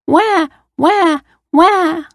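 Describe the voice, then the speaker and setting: A woman voicing a crying little girl in a storybook read-aloud, wailing in a high sing-song. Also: lively intonation, very slow, a bit bright, no room sound, clean studio sound, heavily acted.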